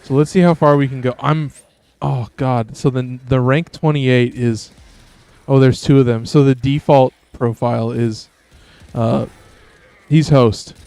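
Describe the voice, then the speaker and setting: A man's voice: mid-range voice, steady tone, unhurried, creaky, darkish tone, dry recording. A man giving casual, profane, self-amused commentary while playing a video game. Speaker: gaming streamer.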